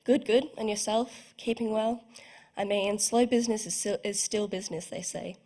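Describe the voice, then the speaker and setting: A woman's voice: mid-range voice, fairly even intonation, moderate pace, warm tone, lightly acted. A young woman reading the lines of a friendly, joking male shopkeeper in a small-town store. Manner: chatty, cheerful, joking.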